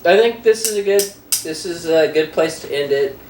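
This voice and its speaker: A man's voice: fairly high pitch, normal speed, darkish tone. A man hosting a casual podcast, rambling through a silly story and laughing as he tells it. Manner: giggly, breaks into laughter mid-story. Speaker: podcast host. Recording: echoey room from far off, faint noise.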